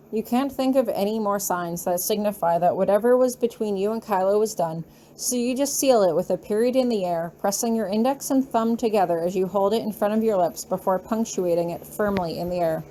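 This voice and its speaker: A woman narrates a fan fiction audiobook in a calm, measured way. Her voice is mellow and warm, with faint noise in the background. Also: mid-range voice. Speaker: audiobook reader.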